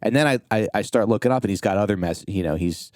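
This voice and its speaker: A man's voice: on the low side, fast talker, a little mellow, no echo, clean studio sound. A man with a New Jersey accent, a comedian guest rambling and joking at his own expense in casual podcast chat. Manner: rambling, self-deprecating, laughs often.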